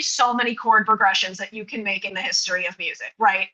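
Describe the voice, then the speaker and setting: A woman's voice: mid-range voice, steady tone, brisk, bright, forceful tone, highs cut off. A young woman co-hosting a podcast in casual chat, rambling and laughing at herself as she talks. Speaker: podcast co-host.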